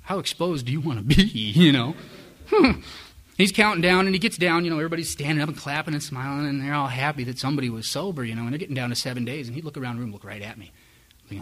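A man's voice: on the high side, expressive, fast, fairly bright tone. A middle-aged man candidly telling his own recovery story to a live audience, self-mocking and frank. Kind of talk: personal testimony to a live audience.

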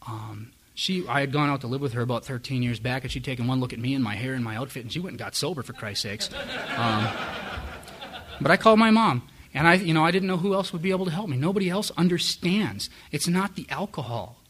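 A man shares his own story with a group in a candid, self-deprecating way. Wry chuckles slip into his talk. His pitch sits in the middle range for a man. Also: animated, fast talker, fairly bright tone, husky. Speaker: speaker sharing his story at a recovery meeting. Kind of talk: personal testimony.

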